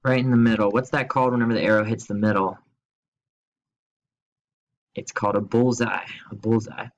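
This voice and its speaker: A man teaching a recorded remote grammar lesson at his computer, explaining slowly and spelling words out, with playful quiz questions and jokes. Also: on the low side, level tone, highs cut off.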